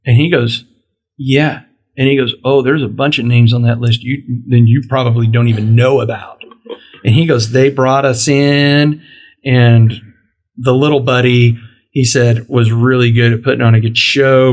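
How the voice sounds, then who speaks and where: A middle-aged man hosts a podcast, speaking at medium pitch and a moderate pace. He tells a long story casually, animatedly acting out the quoted lines of the people in it.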